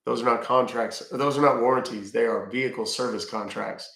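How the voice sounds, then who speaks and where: Middle-aged Texan livestream host, gravelly, blunt Q&A with dry humor, echoey room. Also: male voice, medium pitch, fairly even intonation, a little fast, fairly bright tone. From Texas. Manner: reads viewer questions aloud and answers bluntly, dry jokes. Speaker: livestream host answering chat. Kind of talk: casual livestream chat.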